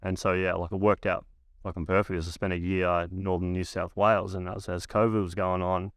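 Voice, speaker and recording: A deep-voiced Australian man in his thirties, a former pro basketballer appearing as a podcast guest, tells a long story in a brisk, laid-back way. His pitch barely moves, he swears heavily, and he pads his lines with "like" and other fillers. The studio recording is clean, with no room sound.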